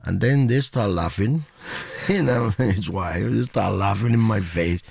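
A man in his seventies, a musician guest whose first language is not English, telling stories in an animated way with frequent laughter and halting restarts. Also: fairly low pitch, creaky, slightly rough, dry recording, clean studio sound. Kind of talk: casual interview storytelling.

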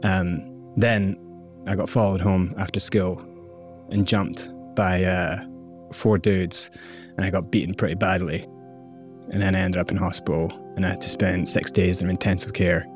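Low-voiced Scottish man telling his story. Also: moderate pace, soft background music. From South Africa and Scotland. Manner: animated, candid recounting. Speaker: interview guest, former hip-hop performer. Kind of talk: conversational storytelling.

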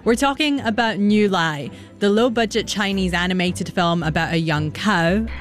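A woman's voice: medium pitch, moderate pace, faint music behind. A woman hosting a news podcast in a chatty, upbeat presenting manner, on a studio mic. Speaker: podcast host.

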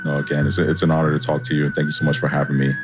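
A man's voice: rumbling low, flat delivery, racing, over music. A man, a chef, giving chatty and enthusiastic answers in an interview. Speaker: chef and guest.

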